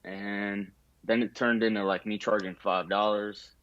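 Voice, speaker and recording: A young barber talks through his story in a relaxed, casual interview. His voice sits low, full of fillers, and he acts out the voices of people he quotes. The sound is dry and slightly muffled. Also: measured pace, no echo.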